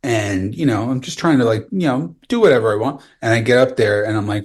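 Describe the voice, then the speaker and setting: A man, a stand-up comedian, telling a story haltingly in casual podcast chat. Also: mid-range voice, a little mellow. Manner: halting, self-deprecating storyteller.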